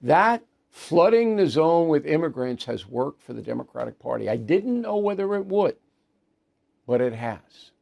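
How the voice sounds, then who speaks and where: Gravelly blunt New commentary host. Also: male voice, fairly high pitch, big pitch swings, moderate pace, darkish tone. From New York area. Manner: blunt, opinionated, emphatic. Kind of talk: opinion commentary monologue.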